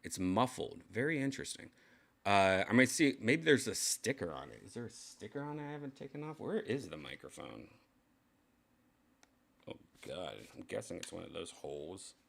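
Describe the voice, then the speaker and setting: A man's voice: on the low side, sing-song, normal speed, vocal fry. A man livestreaming casual chat to his viewers, loose and rambling, swearing casually as he tests gear. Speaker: vlogger testing a VR headset mic.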